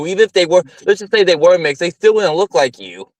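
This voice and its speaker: A man's voice: high-pitched, animated, normal speed, no echo. A man co-hosting a podcast, telling stories in a loose, profane, casual way. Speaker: podcast co-host. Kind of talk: casual chat.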